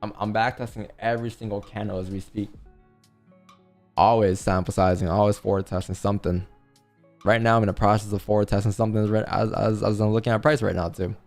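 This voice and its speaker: A man hosting a casual livestream, coaching viewers with rapid rhetorical questions. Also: lowish voice, fairly even intonation, faint music behind. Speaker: livestream trading host.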